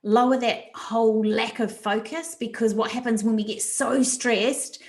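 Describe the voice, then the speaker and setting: Woman, webinar presenter, bright and emphatic, echoey room. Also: fairly high pitch, unhurried. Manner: animated, repeats words for emphasis. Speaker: resilience coach presenting a webinar. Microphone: video call mic.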